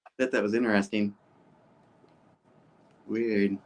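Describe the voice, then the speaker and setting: A man's voice: lowish voice, level tone, a little slow. A man co-hosting a casual comic book review, adding short laid-back remarks. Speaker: co-host.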